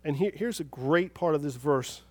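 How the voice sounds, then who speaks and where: A pastor delivers a sermon, drifting between quiet, hushed storytelling and bursts of loud, fervent emphasis. His voice sits a bit high for a man. The sound is dry and close, with no room around it. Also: moderate pace, dry recording.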